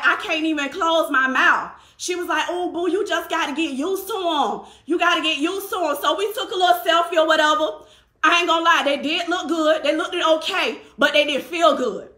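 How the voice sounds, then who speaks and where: A woman's voice: high voice, roomy sound. A woman tells a personal story in casual talk, acting out what others said. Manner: animated, acts out quotes of others.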